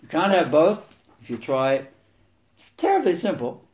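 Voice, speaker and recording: A man preaches through scripture with a fairly high, highly animated voice. He hammers key words, swinging between loud stresses and quiet asides. The sound carries a roomy echo. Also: unhurried, muffled recording. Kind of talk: expository sermon reading and commenting on scripture.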